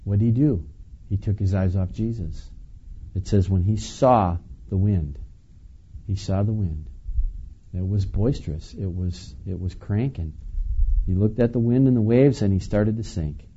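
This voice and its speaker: A man preaching a sermon in a relaxed, conversational way, chuckling now and then and asking the listeners questions. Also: fairly low pitch, measured pace, slightly rough, dull audio. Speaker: pastor.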